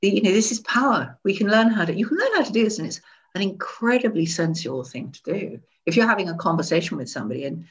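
A woman talking in an interview as a guest expert, animated, laughing often and demonstrating tones of voice while seated. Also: mid-range voice, fast talker, rough recording. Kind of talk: conversational interview. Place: seated indoors.

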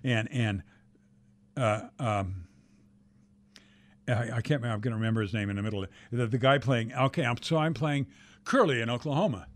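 A man's voice: mid-range voice, normal speed, long pauses. An older man, a guest actor, telling stories in a casual interview, talking animatedly, repeating words and swearing freely.

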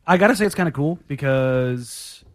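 A man in his thirties co-hosting a sports radio show, chatting casually with many restarts and bursts of excitement. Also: fairly high pitch, moderate pace, no echo, clean studio sound.

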